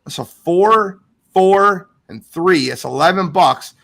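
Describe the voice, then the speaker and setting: A man hosting a live sports podcast, talking in a lively, animated way as he reads out viewer comments. His voice sits a little high and has a gravelly edge to it. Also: slow pace. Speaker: podcast host. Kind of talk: casual live podcast chat.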